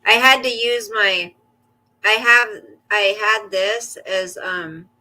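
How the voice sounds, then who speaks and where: A woman's voice: mid-range voice, slow pace, pushed and bright, low-quality recording. A woman hosting a casual livestream, chatting with viewers about her day and cooing at her dog in baby talk. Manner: reads and answers viewer comments aloud. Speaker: livestream host.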